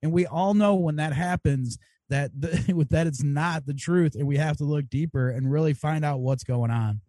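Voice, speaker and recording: A man's voice: fairly high pitch, moderate pace, dark tone, no echo. A man co-hosting a casual political livestream, reading out viewer comments and chatting in a laid-back way with casual swearing. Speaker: podcast co-host.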